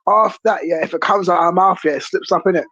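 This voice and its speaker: A woman's voice: fairly low pitch, fairly even intonation, quick pace, fairly bright tone, husky, no room sound, highs cut off. A woman hosting a stream, reacting in casual chat in a blunt, incredulous, swearing manner. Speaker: stream host.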